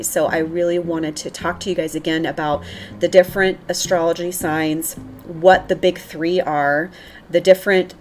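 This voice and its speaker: A woman's voice: on the low side, slight background noise. A young woman hosting a casual spiritual podcast, chatty and upbeat, her voice a little congested from a cold. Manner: chatty, upbeat, lots of fillers and giggles. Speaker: podcast host.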